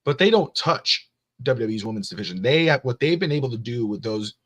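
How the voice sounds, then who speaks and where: A man's voice: mid-range voice, animated, a little fast, slightly rough. A man co-hosting a wrestling podcast, talking casually and rambling with plenty of fillers. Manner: rambling, with many fillers and voiced quotes of family. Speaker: podcast co-host.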